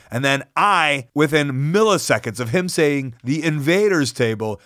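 A man tells a story on his own podcast with lively, self-mocking energy and plenty of swearing. His voice sits a little high. The mic is dry and close, with almost no room sound. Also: unhurried, no room sound. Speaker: podcast host. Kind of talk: storytelling monologue.

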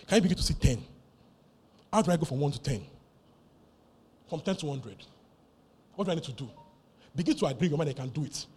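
Pastor preaching, high voice that jumps all over, repeats himself for punch. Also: male voice, fast talker, long pauses, slightly rough. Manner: animated, emphatic preaching with heavy repetition. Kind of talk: sermon.

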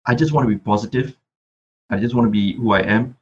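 A man's voice: lowish voice, quick pace, lo-fi sound, a little hiss or hum. A Malaysian man who raps, talking reflectively as a podcast guest and often repeating words while he thinks. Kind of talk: casual interview chat.

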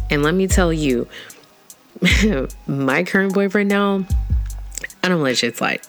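A woman talking candidly and at length about her own experience, frank and casual, laughing often and swearing freely. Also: very deep voice. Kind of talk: candid personal talk to camera.

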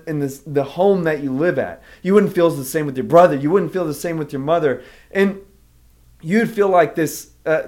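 A pastor preaching a sermon in an earnest, emphatic way. His voice sits a touch higher than most men's. He walks his listeners through a Bible story. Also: darkish tone. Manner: earnest, emphatic teaching, explaining a Bible passage.

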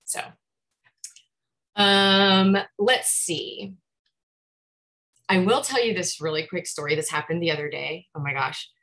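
A woman with a slightly low voice tells a story on a podcast. She talks casually and with animation. She laughs often and acts out the quotes. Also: fairly even intonation, slow pace, pauses often, a bit bright, low-quality recording. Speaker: python hunter guest on a podcast.

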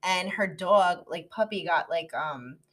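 A young woman co-hosts a casual chat podcast. She tells stories in a chatty way, her asides often trailing off quietly. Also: fairly low pitch, lively intonation, measured pace. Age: young adult. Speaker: podcast co-host.

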